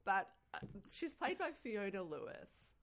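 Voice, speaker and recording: A woman's voice: medium pitch, normal speed. Emphatic, enthusiastic woman podcast co-host. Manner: enthusiastic, emphatic explaining with stumbles. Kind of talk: casual movie chat.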